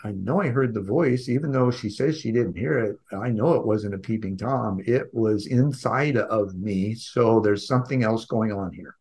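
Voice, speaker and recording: A man being interviewed on a podcast, telling a personal story in an earnest, gentle way with frequent restarts. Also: fairly low pitch, moderate pace, hardly any pauses. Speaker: podcast guest.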